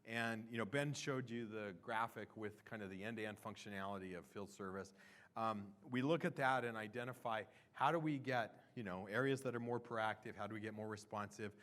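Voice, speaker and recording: A man's voice: on the low side, brisk, fairly bright tone. A man presenting a product roadmap at a conference session, talking in a loose, conversational way with fillers and restarts. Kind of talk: conference talk.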